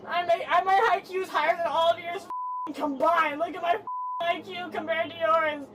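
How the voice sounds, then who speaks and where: A woman's voice: very high-pitched, steady tone, normal speed. A young woman under arrest, drunk and crying, who swears at officers and then apologizes tearfully. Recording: distant body cam audio with loud noise and crowd.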